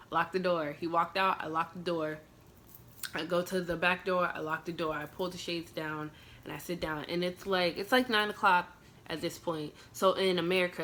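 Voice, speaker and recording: A woman's voice: fairly low pitch, pushed and bright, a little hiss or hum. A young woman vlogger telling a personal storytime in an emotional, casual way, full of "like" fillers. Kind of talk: storytime vlog.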